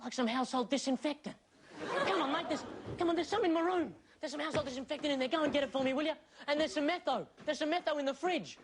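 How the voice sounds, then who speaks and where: High wheedling Australian man. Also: quick pace, background noise. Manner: wheedling, drunken pleading. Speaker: comedy performer. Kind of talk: sketch comedy.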